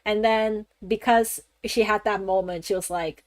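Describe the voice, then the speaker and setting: A woman streamer chatting casually during a game, rambling and animated, laughing often and swearing freely. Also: medium pitch, moderate pace, few pauses, no echo. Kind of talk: casual gaming-stream chat.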